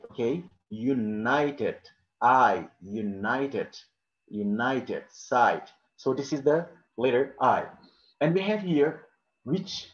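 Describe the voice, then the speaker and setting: A man's voice: mid-range voice, a little mellow. Teacher, male, non-native English speaker, models each word twice, dull recording in an echoey room. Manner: repeats words slowly to model them. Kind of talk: classroom lesson. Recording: roomy, dull-sounding classroom recording.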